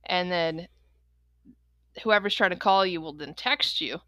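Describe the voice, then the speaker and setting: A woman co-hosting a podcast, chatting casually and explaining things in a relaxed way. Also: on the low side, measured pace, dry recording, studio quality. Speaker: podcast co-host. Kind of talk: casual chat.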